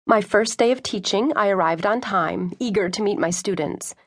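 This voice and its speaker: A woman narrating a first-person novel as an audiobook, expressive storytelling. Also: medium pitch, normal speed, hardly any pauses. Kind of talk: scripted narration.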